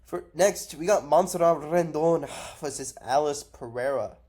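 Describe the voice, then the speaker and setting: Drowsy and under the weather from cough syrup, an MMA vlogger talks through his fight predictions off the cuff, cursing and speaking bluntly. His voice is somewhat high, slightly mellow, and unhurried.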